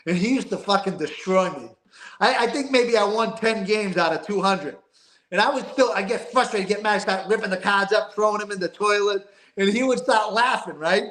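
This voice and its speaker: A man's voice: high voice, a bit bright. Emphatic older man, roomy sound. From East Boston. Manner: emphatic, rambling, street-talking, profane. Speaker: guest. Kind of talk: casual interview storytelling.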